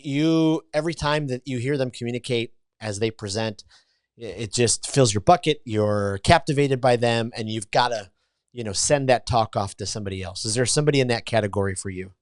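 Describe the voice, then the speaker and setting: A man's voice: medium pitch, moderate pace, no echo. Effusive male podcast host, dry sound. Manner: effusive, rambling questions. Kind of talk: casual interview. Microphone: video call.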